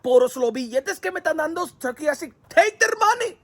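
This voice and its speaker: A man putting on a mocking, money-minded boxing star in a lively raised voice. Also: very high-pitched, fairly quick, dry recording, voice pushed up, heavily acted.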